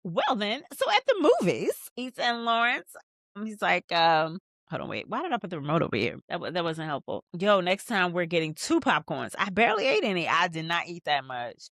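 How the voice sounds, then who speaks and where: A woman's voice: lowish voice, very animated, fairly quick, a bit bright, no room sound, studio quality. A woman hosting a casual TV rewatch, recapping scenes in a chatty, slangy way that swears freely and restarts sentences. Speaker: rewatch podcast host.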